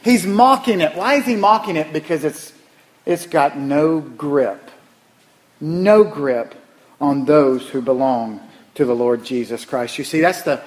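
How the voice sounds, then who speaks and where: A man preaching a sermon as pastor, emphatic and animated, repeating phrases for weight. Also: a little high, unhurried.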